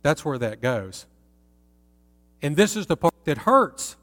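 A man's voice: on the high side, sing-song, slow pace, fairly bright tone. A man teaching from the Bible in a conversational way, putting rhetorical questions to his listeners. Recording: long reverb in a hall.

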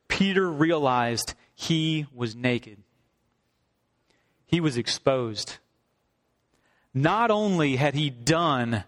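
Man preaching in a reverberant hall. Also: medium pitch. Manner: reads scripture aloud, then expounds earnestly. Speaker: pastor. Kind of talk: sermon.

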